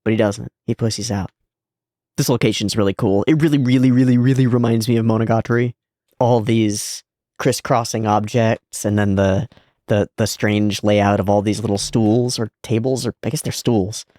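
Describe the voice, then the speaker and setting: A man's voice: fairly low pitch, fairly even intonation, moderate pace, mellow, dry recording, studio quality. A man hosting an anime reaction, chatting casually and swearing now and then.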